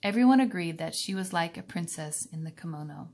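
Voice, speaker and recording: Low-voiced woman reading a storybook. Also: expressive, fairly quick, a little mellow. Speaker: reader. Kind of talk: reading a children's novel aloud.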